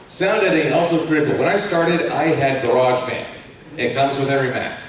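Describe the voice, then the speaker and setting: A man's voice: medium pitch, fairly quick. A young man from Colorado giving a chatty, self-mocking talk as a YouTuber on a live convention panel. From Colorado, USA. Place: large convention hall with an audience. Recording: echoey hall from far off, faint hiss.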